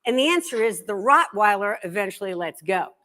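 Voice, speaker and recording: A middle-aged woman, a guest author, telling comic stories to a live library audience in an animated, self-deprecating way. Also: medium pitch, a little fast, heavy background noise. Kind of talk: comic storytelling talk.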